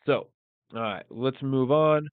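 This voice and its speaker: Man, live English lesson, relaxed, thinks aloud, phone-line sound. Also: mid-range voice, takes it slowly, clean tone, dry recording. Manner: relaxed, thinks aloud, mixes in Spanish phrases. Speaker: English teacher. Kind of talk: live-streamed language lesson.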